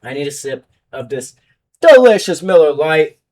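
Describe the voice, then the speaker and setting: Ranting sports-betting host, off-mic. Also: male voice, a little high, very animated, recorded from a distance. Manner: heated, fast-swinging rant, loud then muttering.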